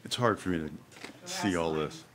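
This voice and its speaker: A man's voice: deep voice, expressive, moderate pace, fairly bright tone. A man taking part in a voice-acting workshop, reading aloud hesitantly. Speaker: workshop participant.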